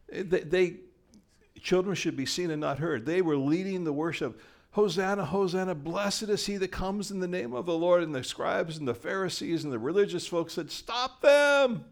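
An older male pastor with a lowish voice preaches a sermon, telling a story and acting out the quoted lines in a lively, animated way.

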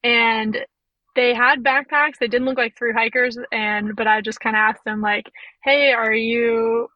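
The speaker is a young woman, a physiotherapist and through hiker, casually recounting a hiking story as a podcast guest, peppering it with "like" and "you know." Her slightly high voice shows little pitch movement at normal speed, with no room sound and highs cut off.

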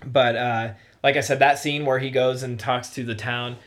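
A man's voice: mid-range voice, steady tone, moderate pace, a bit bright. A man casually discussing a movie as a podcast host, rambling and restarting often. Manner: rambling, full of "you know" and restarts.

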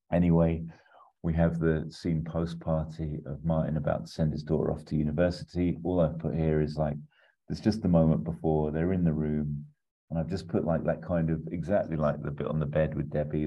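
A man chatting casually as a podcast co-host, rambling through a pitch with lots of fillers and chuckles. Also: dark tone, breathy edge. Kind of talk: casual chat. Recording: slightly muffled recording.

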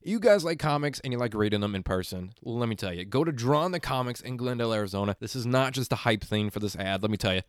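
A man hosting a podcast, chatting casually and reading an ad with quick enthusiasm and the odd swear. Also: mid-range voice, lively intonation, smooth, no room sound, studio quality. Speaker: podcast host. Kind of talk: casual podcast chat and read ad.

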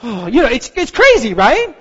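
A man in his thirties preaching a sermon as pastor, telling stories with animated, playful outbursts. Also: sits high, moderate pace. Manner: animated storytelling, acts out frustration with loud outbursts. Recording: dull sound with long hall reverb.

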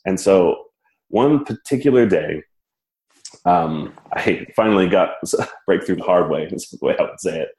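Brief: low-voiced man, lively self-mocking storyteller, roomy echoey recording. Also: unhurried. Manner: animated, self-mocking, laughs while telling. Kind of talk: casual personal storytelling. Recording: roomy echo.

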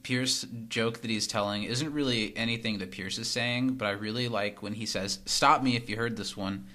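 A man's voice: fairly low pitch, moderate pace, pushed and bright. A man co-hosting a podcast, chatting casually about a TV episode in a teasing, analytical way. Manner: teasing, analytical, chuckles often. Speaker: podcast co-host. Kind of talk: casual chat recapping a TV episode.

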